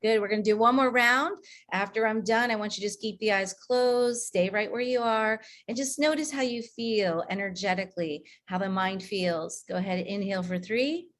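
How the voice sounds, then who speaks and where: A woman coaching a group through breathing and meditation on a video call, counting breaths slowly and calmly. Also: mid-range voice. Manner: slow, calm counting of breaths with pauses. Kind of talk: guided breathing and meditation session.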